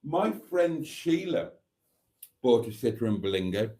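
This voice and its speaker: A man's voice: medium pitch, sing-song, slow pace, warm tone. Man reading his live chat. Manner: reads viewer comments aloud, chuckling often. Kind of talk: casual live stream chat.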